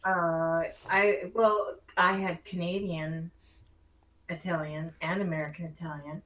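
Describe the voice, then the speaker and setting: A woman's voice: lowish voice, fairly even intonation, measured pace, fairly bright tone, echoey room, recorded from a distance, poor audio. A woman guest in casual radio chat, talking easily and often chiming in with agreement. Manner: chatty, frequent agreeing interjections.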